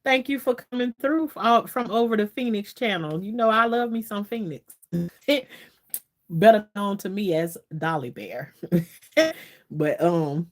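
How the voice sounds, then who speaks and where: A woman's voice: medium pitch, measured pace. Chatty Southern woman hosting a livestream. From Florida, USA. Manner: chatty, laughs often, loose Southern dialect. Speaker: livestream host. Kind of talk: casual livestream chat, reading viewer comments.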